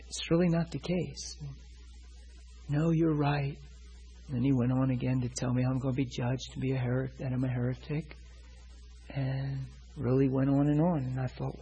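A man delivers a sermon through a personal story, voicing both himself and the other man in the quoted talk. His voice is very husky and breathy, and he keeps checking that his listeners are following him. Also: mid-range voice, a little mellow, low-quality recording. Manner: retells a personal story, quoting both sides; asks listeners if they follow. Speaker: preacher.

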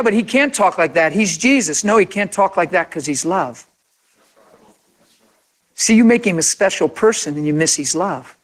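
A man preaching a sermon in an impassioned, conversational way, acting out imagined quotes. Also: sits high.

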